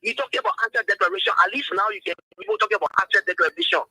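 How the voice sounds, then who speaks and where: A man's voice: very high voice, very animated, rapid-fire, creaky, pushed and bright, dry recording, poor audio. A man calling in to a talk show, arguing heatedly and firing off rhetorical questions. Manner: fiery, scolding, rhetorical questions. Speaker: caller. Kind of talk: heated political argument.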